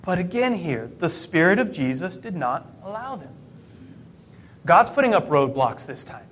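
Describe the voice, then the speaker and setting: A man's voice: high-pitched, big pitch swings, moderate pace, fairly bright tone, slight background noise. A middle-aged man preaching a sermon in a conversational way, asking rhetorical questions and correcting himself mid-sentence. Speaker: pastor.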